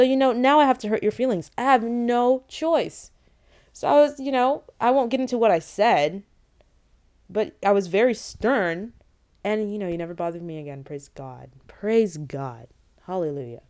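A young woman vlogging late at night, telling a story in a rambling, exasperated, animated way. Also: medium pitch.

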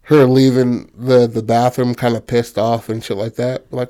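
A man casually pitching a film story, loose and profane, full of fillers, acting out characters in quick bursts. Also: flat delivery, dark tone, clean tone.

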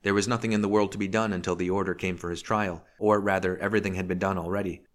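A man reading a novel aloud as an audiobook narrator, in a measured, even way. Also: sits low. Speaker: audiobook reader. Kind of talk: scripted narration.

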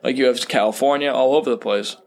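A man's voice: medium pitch, quick pace. A man co-hosting a radio chat, telling stories in a rambling way with lots of fillers. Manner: rambling, full of "like" and restarts. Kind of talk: casual chat.

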